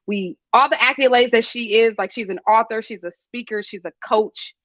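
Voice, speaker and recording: A woman in her late thirties hosting a live-stream talk show, chatty and energetic, with a preacher-like cadence. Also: mid-range voice, dry recording, muffled recording. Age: 30s. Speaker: podcast host.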